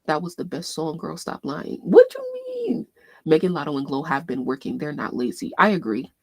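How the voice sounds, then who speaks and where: A woman hosting a casual fan livestream, thinking aloud as she scrolls and reads posts, swearing freely and bursting into loud laughs. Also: low-pitched, a little fast, creaky, husky, no echo. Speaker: livestream host.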